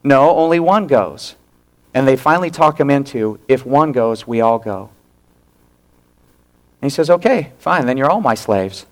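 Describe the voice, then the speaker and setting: A male pastor preaching a sermon, retelling a story with animated acted-out quotes and hushed drops for emphasis. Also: mid-range voice, normal speed, long pauses.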